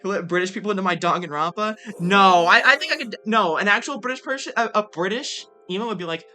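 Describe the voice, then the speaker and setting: Brief: casual streamer reacting to a game, bright voice, playful and self-deprecating. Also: mid-range voice, fast, soft background music. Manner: joking, self-mocking, swears freely.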